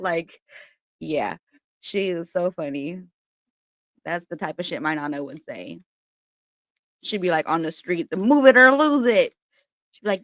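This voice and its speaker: A woman with a lowish voice talks in a loose, candid livestream chat, cursing freely and rambling between stories. The sound is dry and close, with no room echo, as she speaks from home. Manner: candid, chatty and profane, with frequent laughs. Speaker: spiritual reader and channel host.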